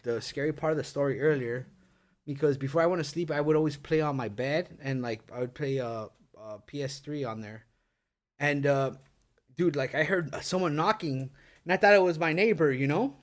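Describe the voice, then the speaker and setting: Young male podcast co-host, higher-pitched, animated storyteller who swears a lot. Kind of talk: casual chat, storytelling.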